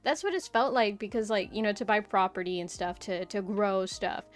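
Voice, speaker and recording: A woman's voice: medium pitch, moderate pace, faint music behind. A young woman streamer chatting casually, rambling through a story with lots of "like" and "right?".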